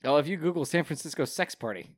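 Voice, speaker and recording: Fast, lively joking man. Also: a little high. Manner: joking, crude, quick banter. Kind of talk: casual banter.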